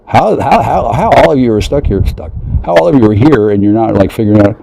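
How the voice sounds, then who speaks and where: A man in a rambling, profane monologue who keeps breaking into mocking high voices. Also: lively intonation, fairly quick, vocal fry, mellow, slight background noise, poor audio.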